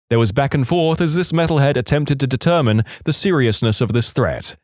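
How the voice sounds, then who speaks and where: A man reading online stories aloud as scripted narration, expressive, with dry asides. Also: medium pitch, fairly quick, hardly any pauses, no room sound.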